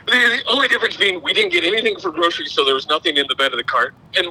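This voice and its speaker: High, bright-voiced man. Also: expressive, very fast, slightly rough, poor audio. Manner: rambling, self-deprecating storyteller. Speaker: podcast co-host. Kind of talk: casual chat, storytelling.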